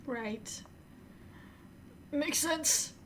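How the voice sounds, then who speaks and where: High-voiced giggly woman streamer. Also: drawn-out words, fairly bright tone, a little hiss or hum. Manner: giggly, trailing off into restarts. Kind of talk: casual chat while gaming. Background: game music.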